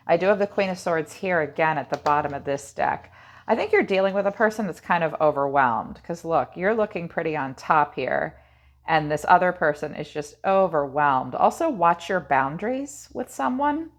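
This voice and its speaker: A woman giving a casual tarot reading, musing aloud with lots of "I think" and "kinda". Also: low voice. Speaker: tarot reader.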